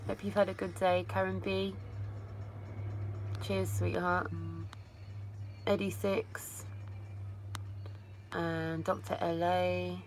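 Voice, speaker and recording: A woman's voice: lowish voice, flat delivery, slow, long pauses, darkish tone, soft background music. An Englishwoman hosting a casual livestream from a phone set some distance away, rambling affectionately and calling viewers darling, her voice tired from a long day of talking. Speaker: livestream host. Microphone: phone placed at a distance.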